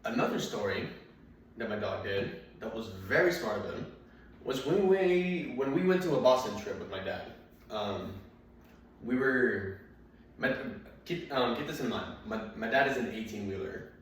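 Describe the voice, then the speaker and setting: A man tells stand-up stories in an unhurried, meandering way, stopping often on fillers and restarting his sentences. His fairly low voice rings through a very echoey room. The mic sits some distance away, with faint noise underneath. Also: expressive. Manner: rambling, filler-heavy anecdotes with frequent restarts. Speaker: stand-up comedian. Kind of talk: stand-up storytelling.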